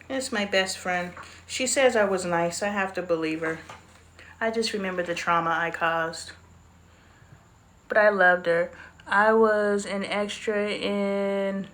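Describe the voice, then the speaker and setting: A woman's voice: medium pitch, a bit bright, a little hiss or hum. A woman in her forties hosting a casual livestream, talking candidly and chattily about old photos. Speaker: livestream host. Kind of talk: casual live-stream chat.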